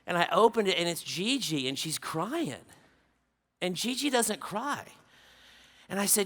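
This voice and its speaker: A man preaching to a conference crowd, telling stories in an animated way, acting out dialogue and dropping to a hush for somber moments. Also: high-pitched, unhurried, long pauses. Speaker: conference speaker. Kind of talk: storytelling sermon. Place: large conference stage.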